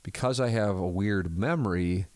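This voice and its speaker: A middle-aged man with a very low voice talks calmly through his podcast, measured and conversational. The sound is dry and close, with no room around it. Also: no room sound. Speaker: podcast host. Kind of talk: casual solo talk and live read.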